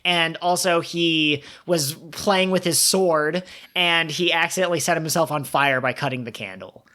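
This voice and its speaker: Low-voiced woman podcast co-host. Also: normal speed. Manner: animated, laughs often, riffs theories. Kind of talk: casual chat.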